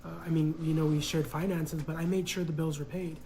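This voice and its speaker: A man's voice: a little high, flat delivery, fairly quick, background noise. A man casually telling a personal story in a reflective, hesitant way, full of fillers.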